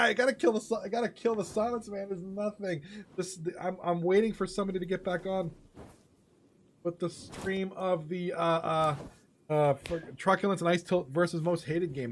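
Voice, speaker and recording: A man's voice: a little high, vocal fry, a little hiss or hum. A man hosting a live stream, chatting casually, laughing often, swearing freely and reading chat aloud. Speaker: host of an online hockey game league stream.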